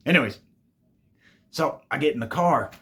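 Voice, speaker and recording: A deep-voiced man with lively intonation tells a storytime tale to his viewers at a moderate pace. He's laid-back and profane, swearing freely and calling his listeners "babies."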